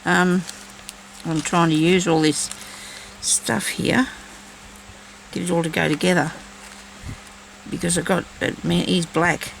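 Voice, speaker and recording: A woman's voice: lowish voice, steady tone, slow pace, gravelly, long pauses, slight background noise, poor audio. A woman chatting casually while she crafts, thinking aloud and talking to herself as she works. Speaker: crafting vlogger.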